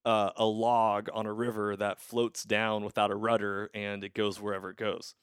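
A man's voice: lowish voice, little pitch movement, moderate pace, fairly bright tone, clean tone, no echo. Reflective man, dry close sound. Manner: reflective, emphatic, restarts often. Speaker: podcast host. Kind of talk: casual conversation. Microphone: video call.

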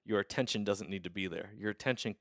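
A man's voice: lowish voice, quick pace, dry recording. Reflective man, dry close sound. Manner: reflective, emphatic, restarts often. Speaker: podcast host. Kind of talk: casual conversation. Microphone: video call.

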